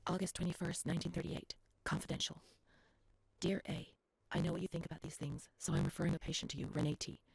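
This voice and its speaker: An actress voicing a troubled young woman who reads old asylum records in a hushed, measured, uneasy way, often dropping to a whisper. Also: lowish voice, creaky, slightly rough. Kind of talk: hushed game narration. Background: game music.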